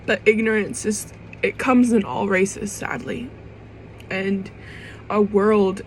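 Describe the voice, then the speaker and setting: A young woman vlogs to camera in an emotional personal monologue, rambling, restarting, swearing casually and fighting back tears. She speaks slowly at a medium pitch with a steady tone. The recording is low quality, with a little hiss or hum.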